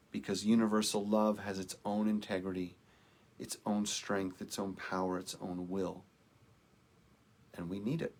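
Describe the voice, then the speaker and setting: A man giving a sermon as minister, speaking in a slow, measured, contemplative way with soft trailing phrases. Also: on the low side, gravelly.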